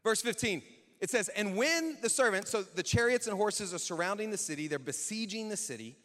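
A man preaching a sermon in a church, animated and conversational, acting out quotes. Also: sits high, fairly quick. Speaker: pastor. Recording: long church hall reverb.

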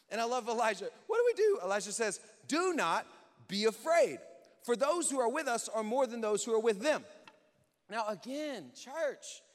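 A man preaching a sermon in a lively, conversational way, acting out quotes and joking with the church. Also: high-pitched. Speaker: pastor. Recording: reverberant hall.

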